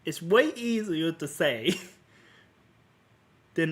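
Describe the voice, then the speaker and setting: A woman in her twenties streaming casually, playful and teasing, moving between soft whispers and loud bursts. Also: low voice, big pitch swings, extremely slow, long pauses. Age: 20s. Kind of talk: casual live-stream chat with teasing role-play lines.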